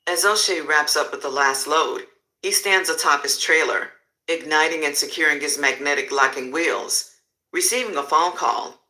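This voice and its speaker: Casting: male storyteller, raised pitch, very bright cutting tone, vivid crime narration. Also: moderate pace, poor audio.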